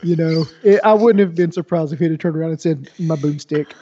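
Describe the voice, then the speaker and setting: A man's voice: a little high, fast, mellow, muffled recording. A laid-back, folksy man co-hosting a podcast and chatting casually about a movie. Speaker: podcast co-host.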